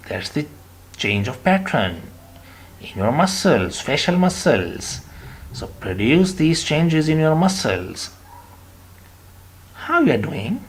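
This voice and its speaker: Man, teacher, husky voice, slow drilling delivery, lively pitch, online class. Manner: drills phrases with repetition, slow and emphatic. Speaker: English teacher. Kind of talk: online spoken English lesson.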